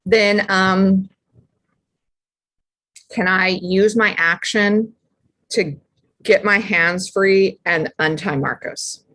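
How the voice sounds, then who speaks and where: A woman's voice: medium pitch, steady tone, drawn-out words, pauses often, a bit bright. A woman playing a tabletop game, who chats casually and teases the other players. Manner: chatty, teasing.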